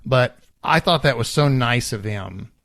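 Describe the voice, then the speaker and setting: Give me a man co-hosting a podcast, measured and reflective, with a gravelly voice. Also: mid-range voice, expressive, fairly bright tone, dry recording, studio quality. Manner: measured, reflective, many fillers. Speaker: podcast co-host. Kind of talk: casual chat.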